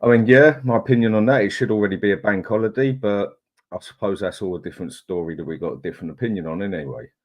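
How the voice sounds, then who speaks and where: A man's voice: on the low side, fast talker. A middle-aged man, hosting a casual live chat, greeting viewers in a chatty, laid-back way. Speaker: livestream host.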